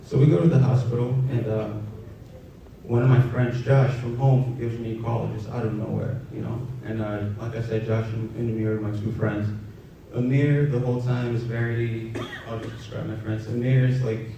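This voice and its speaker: A young man telling a personal story in a halting, soft-spoken way, with many fillers. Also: flat delivery. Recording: roomy, distant, dull with faint rumble.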